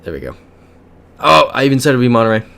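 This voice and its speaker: A man's voice: mid-range voice, big pitch swings, quick pace, creaky, a bit bright, clear, resonant tone. A young American man streaming a geography game, chatting casually, muttering guesses and reading viewer comments aloud. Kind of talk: casual live-stream chat while playing a geography game.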